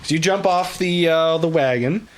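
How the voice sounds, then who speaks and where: A man's voice: fairly high pitch, normal speed, slight background noise. A man running a tabletop game as game master, narrating with lots of laughter. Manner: lively, laughs often while narrating.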